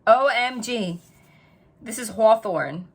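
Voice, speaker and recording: A woman's voice: on the high side, slow, creaky, husky. Chatty woman reading tarot. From New Jersey. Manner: chatty, rambling, animated storytelling with quoted dialogue. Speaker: tarot reader. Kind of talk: casual tarot reading vlog.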